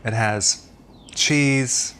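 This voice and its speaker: A man's voice: mid-range voice, extremely slow, pushed and bright, clean tone. A man hosting a health video, chatting casually on camera with dry, understated quips.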